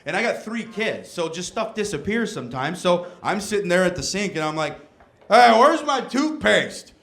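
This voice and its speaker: A man doing a stand-up comedy set on stage, telling a story in an animated way and acting out the voices. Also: sits high, a little fast.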